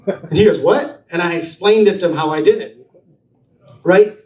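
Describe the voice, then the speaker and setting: A man's voice: sits high, normal speed, a little mellow. A man speaking at an entrepreneurs' event, telling personal anecdotes and acting out the dialogue. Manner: anecdotal, acts out dialogue in quotes. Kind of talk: personal storytelling talk. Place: event room with an audience. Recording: roomy, distant mic, faint ambience.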